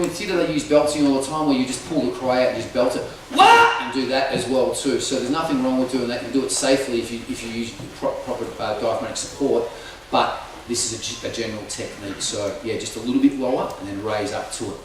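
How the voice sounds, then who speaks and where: A man's voice: medium pitch, quick pace, slight background noise. A man teaching a live group singing lesson, energetically demonstrating sung vocal slides. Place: hall with a live audience. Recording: echoey room, far from mic, loud music.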